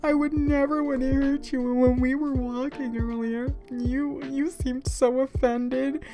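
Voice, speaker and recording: A tearful, clingy partner played by a woman gushes apologies in a high, pleading voice. The delivery is quick and whiny, full of over-apology. It sounds like a quote acted out mid-vlog. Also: flat delivery, mellow, soft background music. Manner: gushing, pleading, high-pitched.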